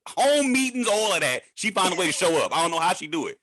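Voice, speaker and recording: A man from Detroit chatting in an animated, joking way on a celebration call, often stumbling and restarting. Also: sits high, fast talker, no echo. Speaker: trading educator. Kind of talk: casual celebratory chat.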